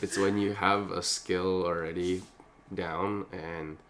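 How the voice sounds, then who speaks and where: A man co-hosting a podcast, calmly explaining a point with examples. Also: deep voice, slow. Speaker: podcast co-host. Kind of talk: casual chat. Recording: crowd noise in the background.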